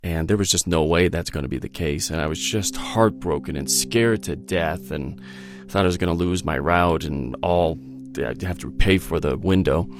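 Man, very low voice, earnest storytelling, music playing under him. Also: normal speed. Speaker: guest sharing a memory. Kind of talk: reflective storytelling.

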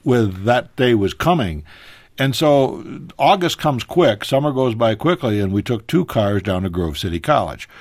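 A man telling a personal story as a guest on a radio talk show, animated, his voice leaping higher at emotional moments. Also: moderate pace, no room sound. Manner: animated, pitch jumping high in emotional moments.

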